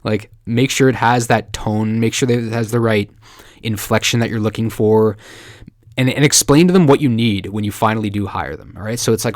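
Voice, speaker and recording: A chatty man from Canada talks through a marketing tutorial with a somewhat low voice. He is excitable and jokes as he goes, and he acts out little quoted voices. The sound is dry and close, with no room around it. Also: brisk, dry recording. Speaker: marketing video host. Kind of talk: casual talking-head tutorial.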